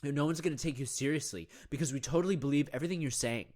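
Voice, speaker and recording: A man's voice: a little high, fast, a little mellow. A man hosting a podcast, talking in a rambling, conspiratorial monologue full of rhetorical questions, with "right?" and "you know" all through it. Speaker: podcast host.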